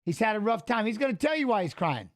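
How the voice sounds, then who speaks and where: This high-voiced man talks fast with big swings in pitch as he gives loose, live commentary on the fights he's watching. He rambles, addresses chat viewers directly, and reacts emotionally to what happens.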